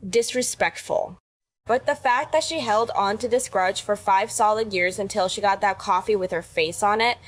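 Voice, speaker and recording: A woman delivering scripted reaction commentary in a wry, sarcastic manner. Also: medium pitch.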